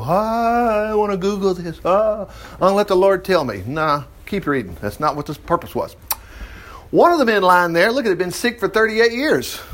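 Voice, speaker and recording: A man teaching from the Bible in a folksy, animated way, reading verses aloud and adding asides. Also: sits high. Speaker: preacher.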